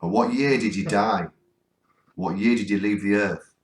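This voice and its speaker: In a cold spot on a ghost hunt, a vlogger from northern England earnestly urges the spirits through a spirit box, asking for replies again and again. His voice is on the low side at a normal speed, with noticeable reverb.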